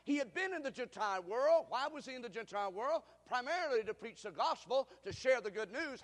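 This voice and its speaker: A man preaching a sermon, emphatic, drawing the congregation into call-and-response and rising to shouts. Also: very high-pitched, very animated, brisk. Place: church sanctuary. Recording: reverberant hall.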